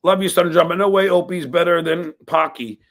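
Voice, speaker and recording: A man hosting a podcast, chiming in loudly with casual banter. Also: sits high, fairly even intonation, fast. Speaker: podcast host.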